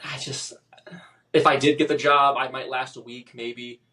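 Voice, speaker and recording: A man telling his personal story as a podcast guest, halting and emotional, with many restarts and fillers. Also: medium pitch, little pitch movement, pushed and bright, distant mic.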